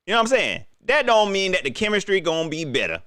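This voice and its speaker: Male sports vlogger, wildly swinging pitch, dry close sound, repetitive and joking. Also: sing-song, fast, sharp tone, clean tone, no echo. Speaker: sports commentator. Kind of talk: casual sports rant.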